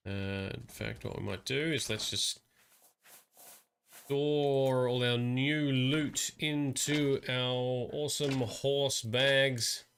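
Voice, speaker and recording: A man's voice: medium pitch, steady tone, takes it slowly, creaky, a bit bright, a little hiss or hum. A man giving casual live gameplay commentary as a streamer, chatting and reading lore text aloud.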